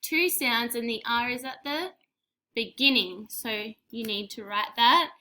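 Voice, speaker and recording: A young woman teaching spelling to small children, talking slowly and clearly. Her voice is bright and sits fairly high, full of praise and gentle prompts. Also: lively intonation. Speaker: primary school teacher.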